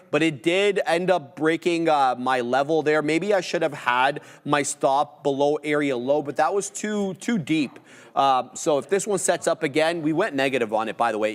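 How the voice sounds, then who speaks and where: Energetic man calling live trades. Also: on the high side. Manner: lively, quick shout-outs to chat. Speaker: trading show co-host. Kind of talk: live trading commentary.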